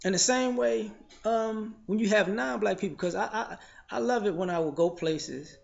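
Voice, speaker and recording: A man giving a blunt, profane commentary monologue, telling stories in an animated way. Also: high voice, moderate pace, creaky. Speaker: vlogger. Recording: slightly dull lo-fi audio.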